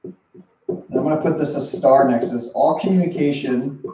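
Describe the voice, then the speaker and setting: A man's voice: mid-range voice, normal speed, mellow, echoey room, lo-fi sound. A young adult man, a relationship coach, teaching listening skills in an earnest, repetitive way and often putting questions to the viewer. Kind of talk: whiteboard-style teaching talk.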